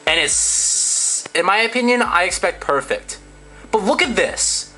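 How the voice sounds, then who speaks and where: A man's voice: sits high, lively intonation, unhurried, sharp tone, faint music behind, low-quality recording. A man talking candidly in a casual vlog, rambling and reading out viewer comments. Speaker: vlogger.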